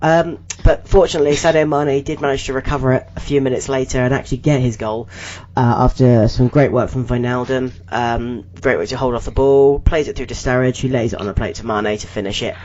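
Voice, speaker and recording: A man with a dark, mellow voice co-hosting a casual podcast, calmly summing up the play. His audio is dull and lo-fi, with a faint noise underneath. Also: mid-range voice, a little fast, few pauses. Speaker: podcast co-host. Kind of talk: casual football chat.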